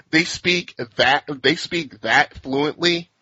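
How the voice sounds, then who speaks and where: Male host, casual rambler, laughs a lot, bright and breathy, lo-fi dry recording. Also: a little high, drawn-out words, no echo. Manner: laughs often, rambling with restarts. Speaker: podcast host. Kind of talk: casual chat.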